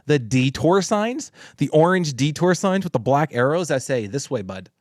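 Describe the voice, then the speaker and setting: A man's voice: a little high, expressive, normal speed, dry recording, studio quality. A man co-hosting a podcast, telling a swear-laden story in casual chat and laughing as he talks. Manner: profane, storytelling, laughs often. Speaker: podcast co-host.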